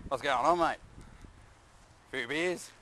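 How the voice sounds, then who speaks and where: A man filming outdoors, teasing and drawling in a relaxed way with frequent chuckles between remarks. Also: fairly high pitch, slow. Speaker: person filming a street encounter. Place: outdoors by a road, rural. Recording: noisy outdoor camera audio.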